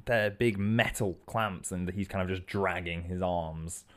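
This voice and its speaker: A man co-hosting a comedy podcast, riffing on an improvised story with dry, deadpan interjections. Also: sits low, a little slow. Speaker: podcast co-host.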